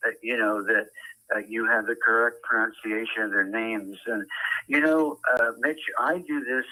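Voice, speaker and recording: An older man who works as a ballpark public address announcer, speaking as an interview guest with precise enunciation and frequent "uh" pauses. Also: medium pitch, steady tone, bright, forceful tone, low-quality recording.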